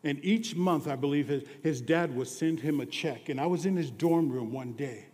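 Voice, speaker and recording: A man preaching a sermon who drops to hushed near-whispers on some lines and rises to loud, emphatic declarations on others. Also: fairly high pitch, normal speed, long reverb tail.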